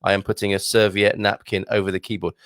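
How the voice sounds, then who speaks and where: A man's voice: on the low side, little pitch movement, quick pace, a bit bright, no echo. A man hosting a morning live stream, chatting casually and joking as he reads out viewer comments from a home studio. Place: home studio with a green screen.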